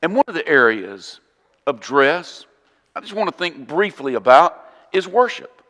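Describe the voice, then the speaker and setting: A man with a Southern US accent preaching a sermon in an earnest, emphatic way, often dropping to a quiet voice. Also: on the high side, sing-song, measured pace, long reverb tail. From southern United States. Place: church auditorium.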